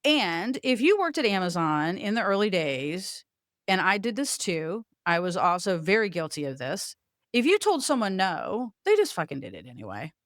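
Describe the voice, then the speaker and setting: A woman's voice: on the low side, sing-song, moderate pace, dry recording, clean studio sound. Blunt, self-mocking middle-aged woman. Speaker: podcast host. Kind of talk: candid personal storytelling.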